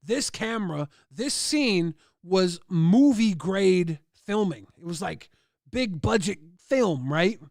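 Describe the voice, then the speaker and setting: A man with a high, gravelly voice rambles through crude stories, full of "like" and loose asides. He jumps into other people's lines with a raised voice. The sound is dry and close, with no room around it. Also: lively intonation, slow pace, a little mellow, dry recording. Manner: rambling crude anecdotes with many "like" fillers. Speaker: livestream host. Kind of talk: casual storytelling.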